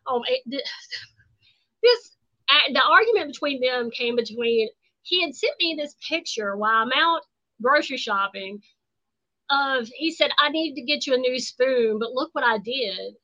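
A woman guest telling stories in a blunt, animated, profane way in casual chat. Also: sits high, moderate pace. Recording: dull lo-fi sound.

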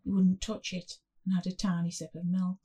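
Woman storyteller, husky and dark-toned, slow measured read. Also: lowish voice, level tone. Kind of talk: first-person story narration.

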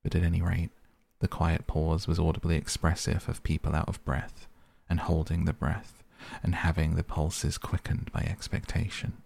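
A man narrating a classic novel in a measured storytelling manner. His voice is very deep and flat, with a gravelly grain. The recording is dry and close.

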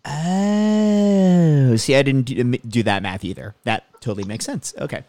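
A man's voice: fairly low pitch, brisk, no echo. A man co-hosting a podcast in casual chat, reacting to a movie with lots of "like" and restarts. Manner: chatty, leans on "like" and restarts. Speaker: podcast co-host.

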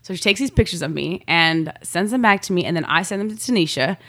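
Woman guest, slightly low voice, chatty and animated, slang-heavy storyteller. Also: quick pace. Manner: animated, slangy, laughs often, quotes herself. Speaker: guest, model. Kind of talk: casual storytelling chat.

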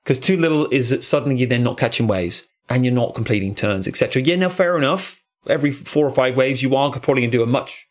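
A man's voice: medium pitch, quick pace, hardly any pauses. A man hosting a podcast in casual chat, rambling and musing with frequent asides. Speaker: podcast host.

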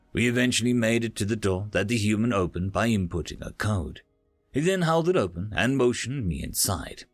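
A man narrating a first-person science fiction story with an expressive, lively delivery. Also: lowish voice, dry recording. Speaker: audiobook narrator.

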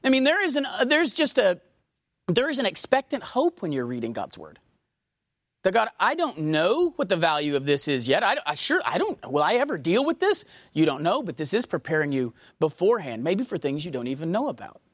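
A woman preaching a sermon, emphatic and swinging from raised to hushed, asking the congregation questions. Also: lowish voice, sing-song, a little fast, dry recording.

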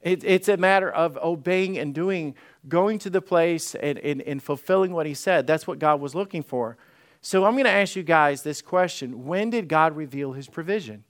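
A man's voice: fairly high pitch, normal speed. A male pastor preaching an interactive sermon, acting out Bible scenes and putting questions to the congregation.

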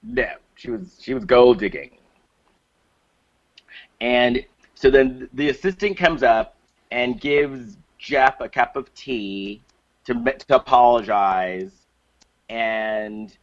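A man's voice: medium pitch, muffled recording. A man co-hosting a casual podcast, recapping a movie plot with lots of fillers and restarts. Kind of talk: casual chat.

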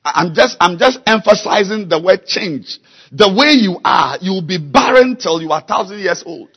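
A man preaching a sermon, slow and emphatic, repeating key words and building to loud exhortation. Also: high voice, expressive, breathy edge. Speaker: pastor.

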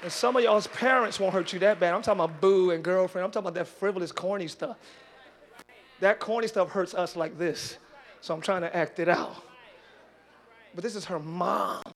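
A man preaching a sermon in church as pastor, acting out everyday scenes and shouting his points to the congregation. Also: high-pitched, moderate pace, some chatter behind, slight background noise.

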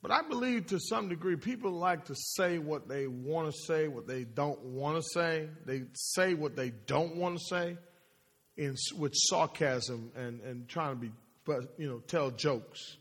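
High-voiced preacher in an echoing hall. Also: male voice, lively intonation, a little slow, slightly rough. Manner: call-and-response, questions to the congregation; repeats phrases, rising and falling emphasis. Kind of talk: sermon. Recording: long hall reverb.

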